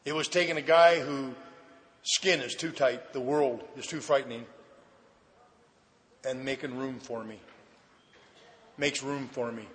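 A man giving a personal recovery testimony at a meeting, telling his story lively and acting out the dialogue. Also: medium pitch, measured pace, pauses often. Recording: echoey hall.

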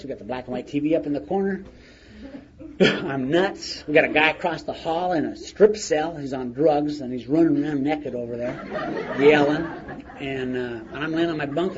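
A man's voice: a little high, moderate pace, crowd noise. A middle-aged man sharing his recovery story in a plain-spoken, storytelling way with chuckles. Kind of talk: recovery meeting share. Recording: muffled lo-fi recording with faint noise.

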